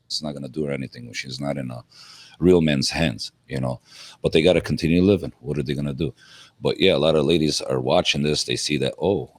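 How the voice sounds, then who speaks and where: Very deep-voiced blunt male guest. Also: fast, dry recording. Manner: blunt, emphatic, repeats words when starting. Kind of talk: casual podcast conversation.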